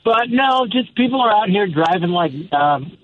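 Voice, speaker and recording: A man's voice: sits high, expressive, normal speed, slight background noise. A man calling in to a radio show from his car, chatting casually and hesitantly, with lots of fillers. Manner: hesitant, rambling, many fillers. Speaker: radio caller. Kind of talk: casual call-in chat. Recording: tinny phone line.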